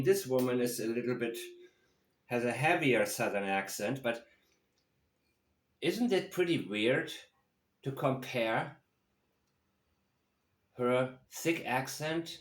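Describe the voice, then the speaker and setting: A man giving slow, analytical commentary on true-crime video clips. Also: medium pitch. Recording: roomy echo.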